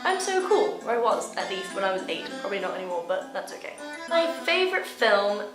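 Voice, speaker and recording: A woman's voice: mid-range voice, big pitch swings, quick pace. A young woman from Hawaii chatting casually to camera in a bubbly, self-mocking way. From Hawaii, USA. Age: young adult. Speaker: vlogger. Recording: roomy echo with faint music.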